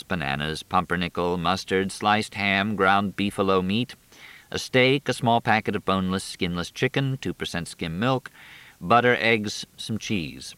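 A man narrating an audiobook with expressive storytelling and a measured rhythm through long lists. His voice is lowish, bright and forceful, with lively pitch movement. The recording is dry and close. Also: clear, resonant tone, no echo.

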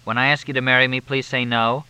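A man voicing a glib, wisecracking male journalist who trades flip, deadpan remarks. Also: medium pitch, fast talker, clean tone, dry recording, pitched above the performer's own voice, low-quality recording. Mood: joking.

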